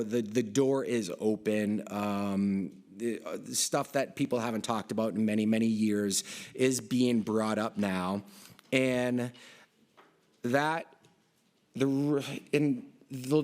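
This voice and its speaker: A middle-aged man speaks to a conference hall at an ordinary, mid-range pitch. He rambles from point to point, breaking off mid-sentence and filling gaps with "uh" and "you know." It sounds like an off-the-cuff live presentation. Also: a little mellow. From Boston area, United States. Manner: rambling, with many fillers and restarts.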